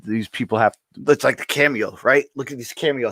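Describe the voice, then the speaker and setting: A man's voice: medium pitch, a little fast, fairly bright tone. A man hosting a podcast in a casual, rambling way, laughing often and saying "you know" a lot. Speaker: podcast host. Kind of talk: casual chat.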